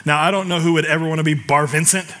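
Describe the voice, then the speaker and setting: Preacher, middle-aged man, bright higher voice, jokey, builds to shouting. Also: rapid-fire, a little hiss or hum. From United States. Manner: animated, jokey, shouts scripture cries. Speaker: pastor. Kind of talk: sermon.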